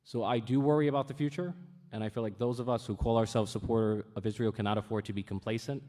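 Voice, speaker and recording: A man who is a city council member giving an earnest, measured speech at a teach-in. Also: mid-range voice, steady tone, dark tone. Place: event hall. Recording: reverberant hall.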